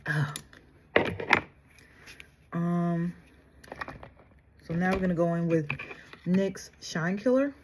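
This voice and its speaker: A woman with a husky, damaged voice, talking casually through a makeup tutorial and pushing herself to speak up. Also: fairly low pitch, takes it slowly, long pauses, background noise. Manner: soft-spoken, pushes herself to speak louder. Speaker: makeup vlogger.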